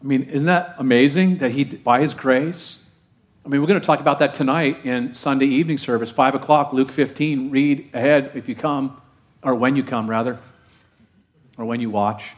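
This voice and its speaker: A male pastor preaching a conversational, animated sermon, often asking the congregation questions. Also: medium pitch, normal speed.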